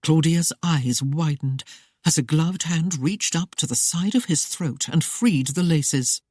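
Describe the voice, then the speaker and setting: An audiobook narrator reading a historical romance in a steady, even storytelling manner. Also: mid-range voice, unhurried, husky, no room sound, studio quality. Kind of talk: scripted narration.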